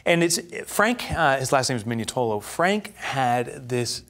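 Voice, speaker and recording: A man's voice: medium pitch, lively intonation, unhurried, a bit bright. A man presenting a business workshop live before a studio audience. He tells stories animatedly, laughs at his own anecdotes, and slips into the voices of the people he describes.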